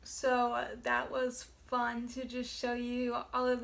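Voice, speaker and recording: A woman book vlogger talking in a casual, rambling way, stacking up "like" fillers and correcting herself as she goes. Her voice sits high with a gravelly fry running through it, and she takes her time. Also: monotone, takes it slowly. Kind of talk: casual chat.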